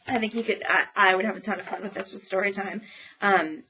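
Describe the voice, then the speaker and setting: Speaking a little fast in a steady, medium-pitched voice, this woman librarian sounds bright and forceful as she talks through new children's books. Her casual reviews are full of ums and strong opinions, captured on a muffled recording.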